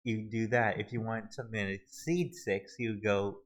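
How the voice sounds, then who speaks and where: Low-voiced man stumbling through a tutorial. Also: steady tone, rough recording. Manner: halting, many restarts and fillers. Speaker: video tutorial host. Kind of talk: screen-recorded walkthrough.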